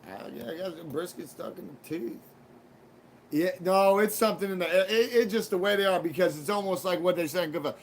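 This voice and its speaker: Crude rambling man, fairly high voice. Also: a little fast, background noise. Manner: rambling, crude and joking, heavy swearing. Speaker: livestream host. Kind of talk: casual profane monologue.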